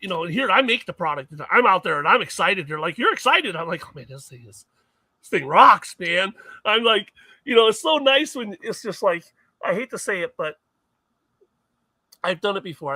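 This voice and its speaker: A man's voice: high voice, expressive, fairly quick, pushed and bright, no room sound. A middle-aged man chatting on a podcast, telling rambling, self-mocking stories full of restarts. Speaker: guest, mining equipment maker. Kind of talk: casual podcast chat.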